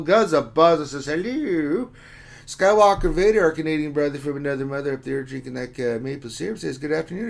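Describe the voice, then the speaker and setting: A man hosting a gaming live stream, reading out viewer chat messages with jokey, upbeat remarks. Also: medium pitch. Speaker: livestream host.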